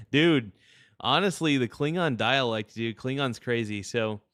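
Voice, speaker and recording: A man's voice: medium pitch, measured pace, fairly bright tone, dry recording, clean studio sound. A man hosting a livestream, chatting casually and crudely while thanking viewers for gifts. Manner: rambling, joking, crude. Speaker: livestream host.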